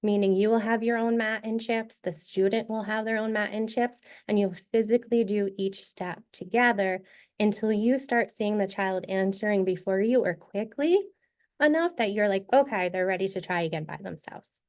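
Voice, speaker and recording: A woman presenting a teacher-training session, modeling a reading activity step by step in a clear, instructive way. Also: mid-range voice, moderate pace, darkish tone.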